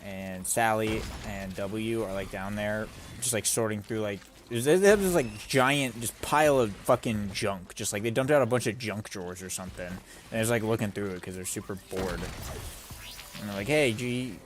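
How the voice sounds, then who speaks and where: A man's voice: on the low side, moderate pace, slight background noise. A man streaming a game, chatting casually in a rambling way and swearing often. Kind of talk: casual live-stream chat while gaming. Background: game music.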